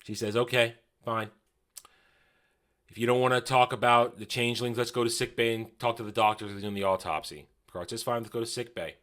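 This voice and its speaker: A man's voice: medium pitch, bright, forceful tone. A man giving a casual, rambling spoken review of a TV episode, often correcting himself and paraphrasing scenes.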